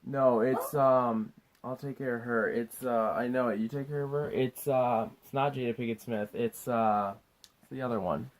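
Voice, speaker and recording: A man's voice: medium pitch, fairly even intonation, moderate pace. A man co-hosting a podcast, chatting casually about a movie, mostly chiming in with short agreements and added details. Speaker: podcast co-host. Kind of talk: casual movie recap chat.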